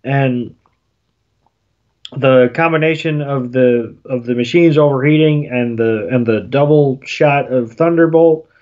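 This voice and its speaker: A man's voice: medium pitch, measured pace, a little mellow, dull audio. A man co-hosting a podcast, recapping a cartoon episode plot in a rambling, casual way full of fillers. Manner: rambling storyteller with many fillers and restarts. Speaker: podcast co-host.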